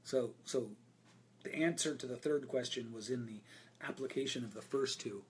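A man coaching an audience on a group call, answering their questions about voice and speaking in a candid, energetic way with frequent fillers. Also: medium pitch, moderate pace, a little hiss or hum. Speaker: voice and presentation coach. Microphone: video call.

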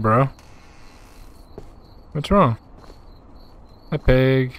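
Young guy gamer streamer, super chill, calls everyone bro, mid pitch. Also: measured pace, fairly bright tone. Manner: laid-back, chatty, says "bro" a lot. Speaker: gaming streamer. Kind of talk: live gameplay commentary reading chat.

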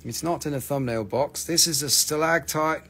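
A man's voice: fairly high pitch, normal speed, fairly bright tone, slight background noise. A man hosting a live stream that sells minerals, talking casually with lots of swearing, ranting and then joking.

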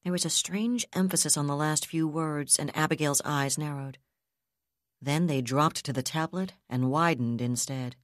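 Woman narrator, very low voice, dry close studio sound, steady audiobook read. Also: moderate pace, no room sound. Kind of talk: scripted narration.

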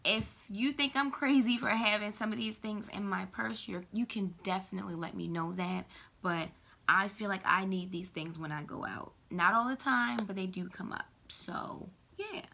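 A woman talks casually to her camera about her makeup, playful and chatty. Her voice is bright and forward with a gravelly rasp at the bottom. She keeps slipping into quick side remarks. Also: mid-range voice. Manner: chatty, playful, drops into asides. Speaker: beauty vlogger, mother.

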